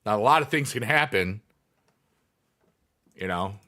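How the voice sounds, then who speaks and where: Rambling bright-voiced male streamer. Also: on the low side, expressive, unhurried. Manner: rambling, many fillers, reads chat aloud. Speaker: livestreamer, former teacher. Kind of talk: casual livestream chat.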